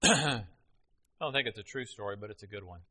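A man's voice: fairly low pitch, animated, brisk, pushed and bright. A middle-aged man preaching a sermon, telling a family story in a folksy way with many fillers.

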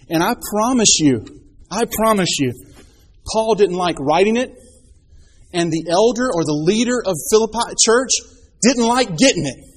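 Animated male preacher, fairly high voice. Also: slightly rough. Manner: animated storytelling, rhetorical questions, rising emphasis. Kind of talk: sermon.

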